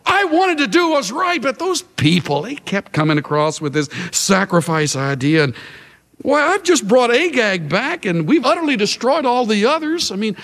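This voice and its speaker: A defensive ancient king whines his excuses in a thin, high voice that jumps all over, as a preacher acts him out. His pitch swings widely and his words ring out with a long hall echo. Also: very animated, moderate pace, fairly bright tone, heavily acted. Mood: protesting. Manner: whiny, high-pitched protesting. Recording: long reverb of a large hall.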